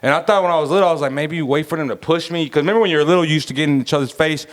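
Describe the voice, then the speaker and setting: A man on a podcast chimes in on family stories with his brother in a laid-back, profane way. His voice sits slightly high. A long reverb trails behind his words. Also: racing. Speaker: podcast co-host. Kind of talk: casual storytelling with his brother.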